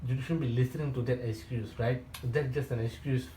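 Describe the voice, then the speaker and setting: A man's voice: medium pitch, fairly even intonation, fairly quick, mellow, a little hiss or hum. A man coaching real estate agents in a question-and-answer session. He repeats points for emphasis, restarts his sentences and ends many lines with a questioning "right?". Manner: repetitive and emphatic, with frequent restarts. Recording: roomy echo.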